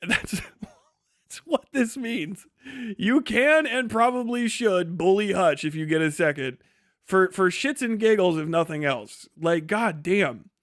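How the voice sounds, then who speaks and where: In a dry, studio-quality recording, a young man with a high, somewhat bright voice rants on his livestream. The tone is mocking and profane, broken up by frequent laughs, and afterward he reads out the donations.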